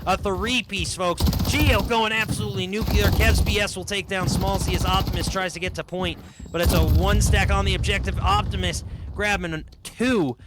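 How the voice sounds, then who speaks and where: A high-energy male esports caster racing through play-by-play and hyping each kill to his viewers. His voice sits a bit high for a man. A clear hiss of noise runs under the stream mic. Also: steady tone, normal speed. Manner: high-energy hype, calls viewers folks. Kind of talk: excited play-by-play commentary.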